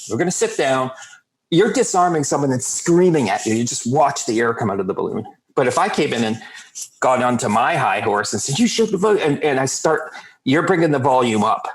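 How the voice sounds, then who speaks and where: A man who works as a sober coach, telling blunt, profane stories in a calm, steady way as a podcast guest. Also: medium pitch, fairly quick, rough recording. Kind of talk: casual podcast storytelling.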